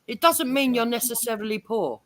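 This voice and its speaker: A man's voice: extremely high pitch, lively intonation, brisk, a bit bright, no echo. A man with a Cockney accent talks on a live panel, indignant and ready to swear. His voice rises and falls a lot as he argues his point. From East London. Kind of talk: casual live panel chat.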